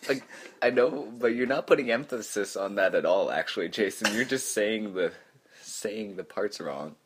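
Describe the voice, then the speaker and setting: A man's voice: lowish voice, animated, moderate pace, a little hiss or hum. A young man co-hosting a podcast and editing it, chatting casually with dry teasing jokes. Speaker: podcast co-host and editor. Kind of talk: casual chat.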